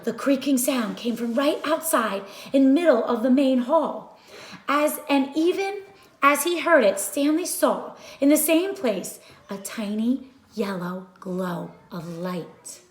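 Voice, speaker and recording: A woman reading a children's storybook aloud with expressive, dramatic storytelling. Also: sits high, takes it slowly. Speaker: storybook reader. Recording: echoey room.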